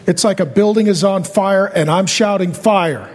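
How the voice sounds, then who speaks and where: Fervent preacher man, high voice, hall echo. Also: moderate pace. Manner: fervent, rising to loud pleading shouts. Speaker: pastor. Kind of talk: sermon.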